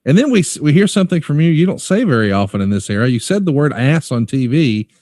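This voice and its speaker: A man's voice: on the high side, sing-song, fast talker, darkish tone, dry recording, clean studio sound. A man co-hosting a casual podcast, eagerly recapping old matches and leading the questions. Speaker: podcast co-host and interviewer.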